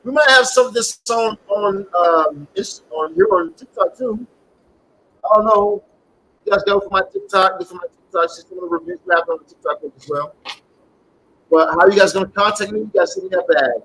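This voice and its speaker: A man's voice: high voice, expressive, normal speed, sharp tone, breathy edge, rough recording. A man who calls himself a shaman, talking casually to camera. He rambles, repeats himself, and keeps checking in with "okay?". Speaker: self-styled shaman and spiritual reader. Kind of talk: casual direct-to-camera pitch.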